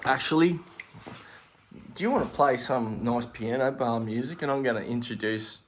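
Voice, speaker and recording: A man's voice: mid-range voice, moderate pace, a little hiss or hum. An Australian man, a podcast co-host, telling a rambling story in casual chat, acting out the voices and swearing freely.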